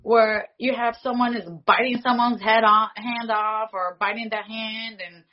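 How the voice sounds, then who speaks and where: A woman in her forties, a foley artist, telling stories in an animated way and acting out the dialogue she quotes. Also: on the high side, a little slow, lo-fi sound. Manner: animated, acts out quoted dialogue, laughs often. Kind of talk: casual interview storytelling.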